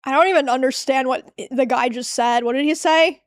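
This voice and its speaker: A woman's voice: sits high, a little fast, dry recording, clean studio sound. A woman streamer chatting casually while reacting to clips, exasperated and swearing freely, often trailing off.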